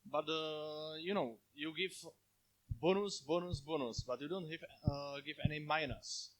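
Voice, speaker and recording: Man with halting non-native English pressing a follow-up question, slightly higher voice. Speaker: community contributor asking a question. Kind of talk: conference Q&A question. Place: conference hall.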